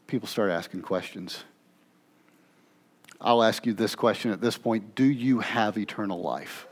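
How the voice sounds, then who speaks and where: A male pastor preaching in a conversational, animated way. He pushes his voice up for emphatic lines, then drops low and soft for asides. He keeps checking in with his listeners and restarting phrases as he thinks aloud. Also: moderate pace. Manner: conversational, with frequent "okay?" check-ins and restarts. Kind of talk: sermon.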